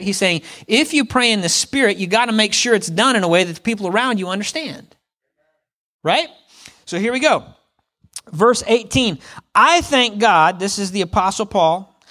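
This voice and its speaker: A man preaching a sermon as a pastor, lively and playful, often asking the congregation questions. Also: high-pitched.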